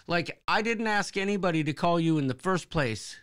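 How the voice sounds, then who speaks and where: A man's voice: sits high, normal speed. A man co-hosting a live show, rambling through a story and acting out what people said. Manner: rambling, animated storyteller who acts out quotes. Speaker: podcast co-host. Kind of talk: casual live-stream storytelling.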